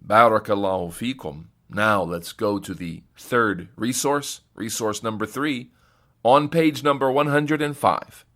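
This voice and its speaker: A man's voice: fairly low pitch, measured pace, fairly bright tone. A man teaching a recorded Arabic grammar lesson in English, patiently explaining step by step and reading Arabic phrases before translating them.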